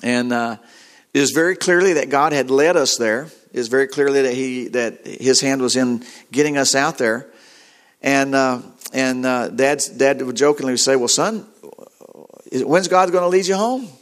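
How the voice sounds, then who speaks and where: A middle-aged man preaching a sermon, telling a story in a halting, earnest way with many repeated words. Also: mid-range voice, steady tone.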